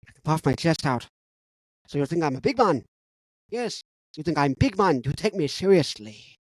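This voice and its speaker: Boastful silly big man, vague foreign accent, mock-pompous, put on by a man, raised pitch. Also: very animated, moderate pace, dry recording, clean studio sound.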